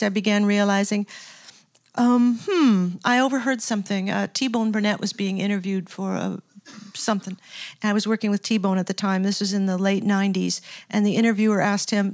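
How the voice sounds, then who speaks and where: An older woman talking in an interview, telling stories in a reflective, chatty way with frequent laughs and restarts. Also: medium pitch. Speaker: guest, record producer turned scientist. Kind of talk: casual interview storytelling.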